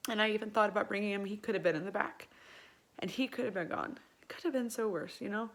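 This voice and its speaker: A woman with a mid-range voice talks straight to camera in an earnest, reflective way. She drifts through soft fillers and restarts, sincere and personal throughout. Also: medium pitch, fast. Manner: grows tearful and quiet near the end. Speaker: vlogger. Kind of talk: heartfelt personal talk to camera.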